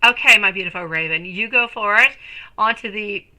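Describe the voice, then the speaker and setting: A woman's voice: medium pitch, moderate pace, low-quality recording. A woman in her thirties reading tarot on a live stream, chatting affectionately with viewers and calling them sweetie and my lovely. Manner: gushing, excited bursts. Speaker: tarot reader.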